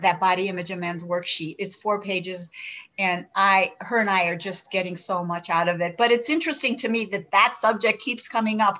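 A woman's voice: mid-range voice, fairly bright tone. A woman in her sixties giving an earnest, reflective personal share at a recovery meeting. She often restarts and asks herself questions. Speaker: member sharing at a recovery meeting. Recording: dull lo-fi recording.

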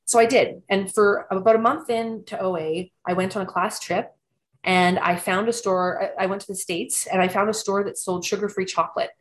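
A woman's voice: medium pitch, fairly even intonation, normal speed. Earnest woman sharing her recovery. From Canada. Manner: earnest and reflective, with frequent restarts. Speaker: recovery program member sharing her story. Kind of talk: personal recovery testimony.

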